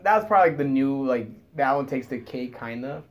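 A comedian in casual chat, teasing the others with profane slang. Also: male voice, medium pitch, expressive, fairly quick.

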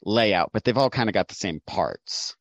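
A man's voice: fairly low pitch, lively intonation, moderate pace, no echo. A man running a tabletop game as game master, patiently explaining the rules and narrating the scene.

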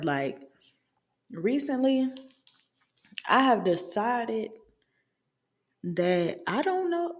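A woman in her twenties hosts a podcast, venting candidly in casual conversation packed with fillers while she has the hiccups. Her slightly high voice swings widely in pitch, and she speaks extremely slowly with frequent pauses.

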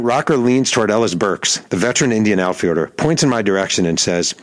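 A middle-aged man with a fairly low voice narrates his own story on a podcast. His delivery is dry and deadpan, with a wry edge. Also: brisk, hardly any pauses, slight background noise. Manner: wry, deadpan narration with heated acted-out quotes. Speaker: podcast host and journalist. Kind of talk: scripted first-person storytelling.

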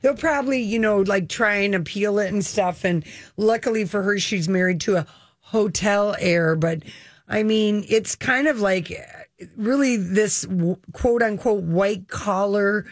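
Female co-host, mid pitch, emphatic and opinionated, dry close mic. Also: a little slow, no room sound. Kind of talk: casual chat.

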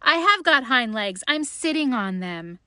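A woman's voice: sits high, expressive, a little slow, bright, forceful tone, no room sound, clean studio sound, pitched above the performer's own voice, heavily acted. A woman voicing a timid little male toy rabbit in a storybook reading, speaking in an earnest, pleading way. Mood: insistent.

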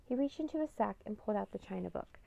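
A woman reads an audiobook in a calm, steady manner, her voice gravelly with a touch of fry. Her tone is mellow and darkish, and the recording sounds dull and lo-fi. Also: mid-range voice, quick pace. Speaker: narrator. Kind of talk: audiobook narration.

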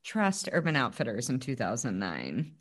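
A woman co-hosting a casual TV recap podcast, animated and swearing freely as she acts out quotes. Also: extremely low pitch, normal speed. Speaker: podcast co-host.

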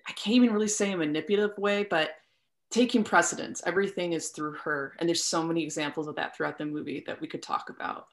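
A woman's voice: lowish voice, steady tone, fast. A woman discussing a film in casual conversation, articulate and thoughtful.

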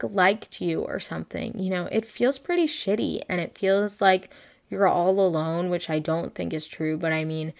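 A woman's voice: lowish voice, gravelly. Chatty teenage girl hosting a podcast. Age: late teens. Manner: chatty, rambling, heavy use of "like"; frank and self-mocking. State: tired. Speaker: podcast host. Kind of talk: casual solo podcast chat.

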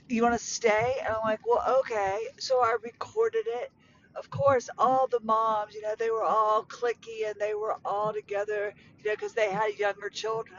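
A woman in her forties with a hoarse, strained voice, excitedly rambling through a casual personal update. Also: fairly high pitch, muffled recording, slight background noise. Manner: excited, rambling, breathless enthusiasm. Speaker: podcast host.

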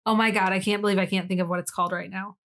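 A woman's voice: medium pitch, fairly even intonation, rapid-fire, a bit bright. A young woman co-hosting a podcast in casual chat, rambling and giggly, swearing casually. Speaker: podcast co-host.

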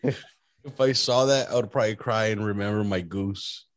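A man's voice: fairly low pitch, normal speed. A man hosting a podcast in a casual chat, laid-back, slangy, and profane. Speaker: podcast host.

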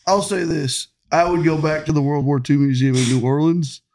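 A man's voice: fairly high pitch, steady tone, normal speed, gravelly, darkish tone. A man in his thirties, a podcast guest, making dry, wry remarks in casual chat.

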